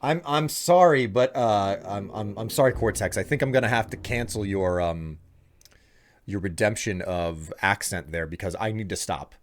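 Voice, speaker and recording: Chatty low-voiced male streamer. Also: normal speed, a little hiss or hum. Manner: chatty, talks straight to viewers, trails off and restarts. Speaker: livestreamer. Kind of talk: casual livestream gameplay chat.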